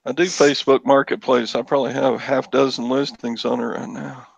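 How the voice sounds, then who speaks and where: A man chatting casually on a live reseller show, unhurried and trailing off. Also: medium pitch, little pitch movement, gravelly, no echo, muffled recording. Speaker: reseller guest. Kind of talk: casual chat.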